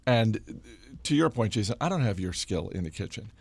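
A middle-aged man hosting a podcast, chatting casually and reading a sponsor ad with animated, self-deprecating stories. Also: lowish voice, moderate pace, vocal fry, husky. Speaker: podcast host. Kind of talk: casual chat with host-read ad.

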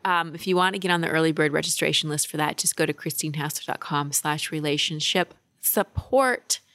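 A woman's voice: low-pitched, fairly quick, fairly bright tone, dry recording. A woman relationship coach co-hosting a casual podcast chat, talking in an earnest, upbeat way.

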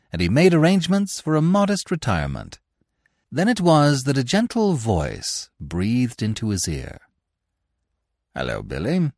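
Brief: male audiobook narrator, dramatic and expressive, very lively pitch, dry close sound. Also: no echo.

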